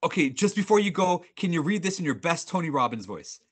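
A male sales trainer presents a webinar over a video call in a fairly high, husky voice with a bright, forceful tone that cuts through. He is brisk, upbeat, and animated, joking with his audience in energetic workshop style, and he often restarts his sentences.

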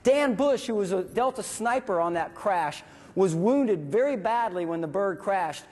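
A man with a fairly high voice delivers a vivid story in a speech, acting out sounds and voices. His voice carries a long reverb, as if in a large hall. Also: animated, unhurried, darkish tone. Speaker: veteran speaker.

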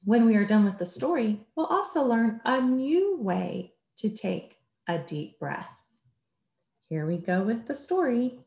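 A woman teacher giving a gentle distance-learning lesson to young children. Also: fairly high pitch, very animated, gravelly, echoey room. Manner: gentle, slow, speaking to small children.

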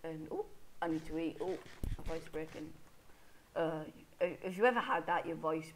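A woman with a low-sitting voice commentates her Minecraft gameplay at a normal speed, chatting away, poking fun at herself, talking to the in-game animals and hiccuping as she speaks. The recording is rough, with a little hiss or hum.

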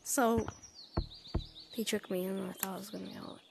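A young woman giving excited, exclaiming commentary while playing a VR game. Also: medium pitch, gravelly. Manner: squealing, exclaiming, quick mood swings. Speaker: gameplay vlogger. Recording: noisy game audio behind.

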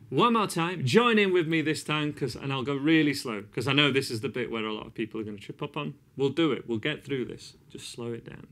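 A man's voice: fairly high pitch, fairly quick, few pauses. A man giving a casual guitar lesson, encouraging, counting beats aloud and singing snippets as he plays. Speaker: guitar teacher. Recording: loud guitar over the voice.

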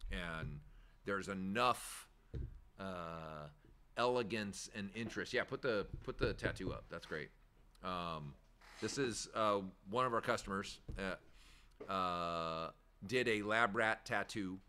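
Bright, lower-pitched man chatting loosely. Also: slight background noise. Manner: rambling and candid, swears freely, laughs easily. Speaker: shop owner hosting a weekly chat show. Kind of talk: casual chat.

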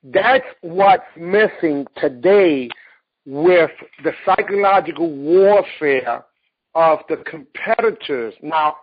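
Husky man hosting a casual talk. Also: on the high side, animated, slow, dull audio. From New York City, US. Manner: enthusiastic, repeats words as he starts his sentences. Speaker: host. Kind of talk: casual interview chat.

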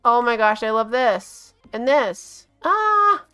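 A woman hosting a casual game video, gushing and excitable, often gasping and laughing as she talks. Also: a little high, slow. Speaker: gaming channel host.

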